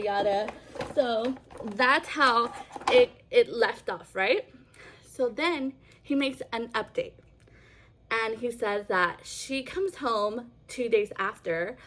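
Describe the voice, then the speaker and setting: A woman's voice: fairly high pitch, fairly bright tone, slight background noise. A woman casually retelling an online story in a chatty way, full of fillers. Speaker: vlogger.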